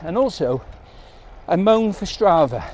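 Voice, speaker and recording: English guy rambling away to his bike camera mid-ride, slightly high voice, faint traffic behind. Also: lively intonation, measured pace, a little mellow. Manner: chatty and rambling, jokey asides. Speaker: cycling vlogger. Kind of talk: casual talk to camera while riding. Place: outdoors on country roads on a bike.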